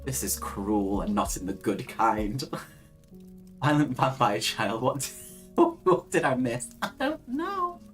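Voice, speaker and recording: A woman's voice: extremely low pitch, takes it slowly, soft background music. A young woman hosting a casual live stream, chatting with viewers, reading their comments aloud and laughing often. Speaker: livestream host.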